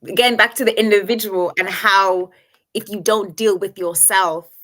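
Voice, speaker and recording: Bright-voiced woman host. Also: mid-range voice, fairly even intonation, normal speed. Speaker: podcast host. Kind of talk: live-streamed interview.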